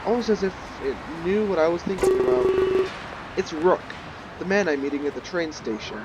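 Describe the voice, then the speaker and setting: A man's voice: on the high side, expressive, fairly quick, dull audio, very noisy. A man playing a visual novel, reading the narration aloud and dropping wry, joking asides. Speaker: video game player. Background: loud game music.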